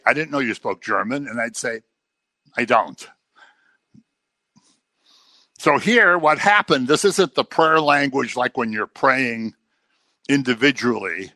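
A man preaching a sermon in a conversational, animated way, sometimes acting out the people he quotes. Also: on the high side, dry recording.

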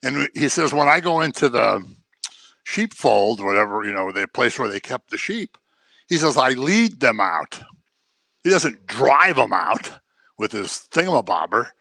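A man preaching a sermon in an animated way, acting out the voices he quotes. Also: mid-range voice, unhurried, gravelly, no room sound.

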